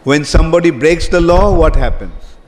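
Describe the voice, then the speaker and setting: A man's voice: a little high, a little mellow, a little hiss or hum. A man giving a sermon as a spiritual teacher, asking his audience questions as he speaks. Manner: slow, asks the audience questions. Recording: long reverb from a hall, faint ambience.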